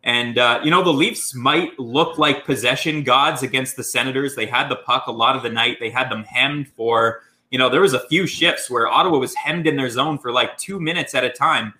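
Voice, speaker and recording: A man co-hosts a casual sports podcast and recaps the game with animated energy. His tone is bright and forceful. His voice is a bit strained from screaming, and his talk is full of "uh" fillers. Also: mid-range voice, normal speed, hardly any pauses. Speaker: podcast co-host.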